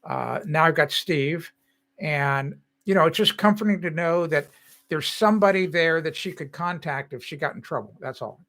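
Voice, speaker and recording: A man's voice: a little high, moderate pace, fairly bright tone. An older man hosting a live stream, chatting casually and rambling with viewers, often laughing.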